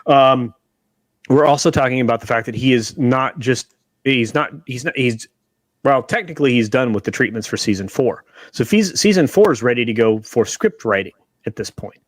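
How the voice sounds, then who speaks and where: A man's voice: mid-range voice, animated, normal speed, no room sound. A man hosting a casual livestream chat over a video call, talking emphatically with restarts and insistent asides. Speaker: show host. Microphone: video call webcam.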